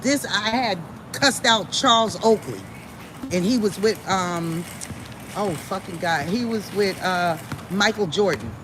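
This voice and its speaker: A woman's voice: mid-range voice, a little slow. Profane, blunt woman telling a story. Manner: blunt, profane and animated, often laughing. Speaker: psychic reader hosting a live stream. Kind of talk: casual storytelling to a live chat. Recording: steady background noise with passing vehicles.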